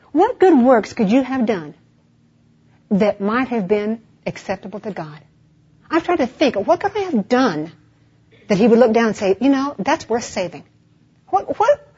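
A woman's voice: medium pitch, darkish tone, husky. A woman preaching a sermon, asking rhetorical questions and answering them herself. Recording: dull, muffled lo-fi recording.

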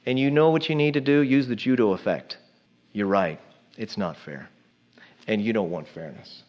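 A man's voice: medium pitch, brisk, dull audio. A man preaching a sermon in a conversational way, often asking the congregation questions. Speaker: pastor.

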